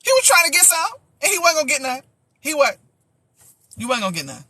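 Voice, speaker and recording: A woman pastor telling a story in a lively, chatty way on a livestream, with sound effects and preachy asides. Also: sits high, fast.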